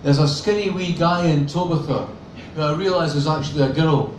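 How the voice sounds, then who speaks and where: A man's voice: on the high side, fairly quick, a little hiss or hum. A man reading his novel aloud in a dry, sardonic first-person voice. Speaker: author reading. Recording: roomy sound from a distant mic with faint ambience.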